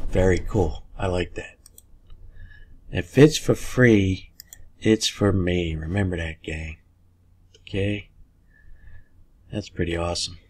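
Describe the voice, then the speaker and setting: A man hosting a casual screen-recorded software tutorial, folksy and chatty with lots of "okay"s. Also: low-pitched, slight background noise. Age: older. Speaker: tutorial host.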